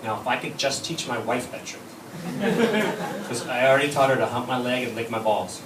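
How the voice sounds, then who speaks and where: A man's voice: mid-range voice, fairly even intonation, fast. Bawdy stand-up comic man, echoey room. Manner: bawdy, storytelling with acted-out quotes. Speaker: stand-up comedian. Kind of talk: stand-up comedy set. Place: comedy club stage. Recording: echoey room, from far off, noisy.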